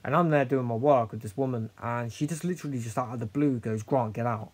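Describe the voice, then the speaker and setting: A young man telling a personal story in a candid, halting way, with many fillers and some swearing. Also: mid-range voice, darkish tone, husky. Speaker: host sharing his story.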